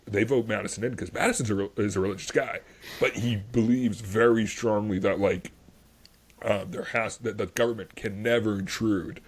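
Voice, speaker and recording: Husky low-voiced man on a history podcast. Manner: enthusiastic, rambling, lots of fillers. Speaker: podcast host. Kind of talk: casual history podcast chat.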